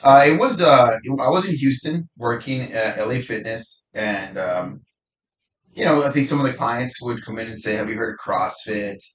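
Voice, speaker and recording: A man's voice: mid-range voice, lively intonation, normal speed, fairly bright tone. A man, a fitness coach, telling stories in a loose, casual, sometimes profane way. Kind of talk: casual conversation. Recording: echoey room, faint noise.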